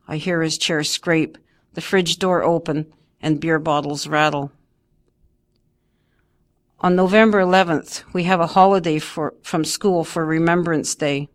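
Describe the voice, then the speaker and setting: A woman narrating her memoir in first person, in a measured, steady way. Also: sits low.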